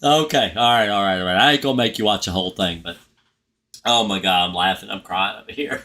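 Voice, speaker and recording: A man's voice: on the low side, expressive, a little fast, sharp tone. A middle-aged man hosting a live stream, chatting casually and rambling, often laughing at his own stories. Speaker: pest control channel host.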